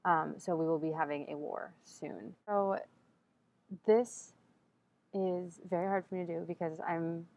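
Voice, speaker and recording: Young woman vlogger, low voice, dull lo-fi camera sound; chatty and exasperated, acts out quotes. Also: steady tone, a little slow, darkish tone. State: sleepy at first, speaking quietly in public. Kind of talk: casual rambling vlog. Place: empty library vestibule, indoors.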